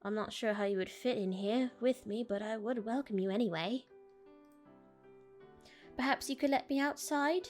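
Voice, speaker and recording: Woman voicing a genteel old doll lady for a game read, proper put-on accent, gentle and lonely, faint music behind. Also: fairly high pitch, normal speed, pauses often, voice pushed up, natural voice. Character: prim antique female doll, gentle and lonely.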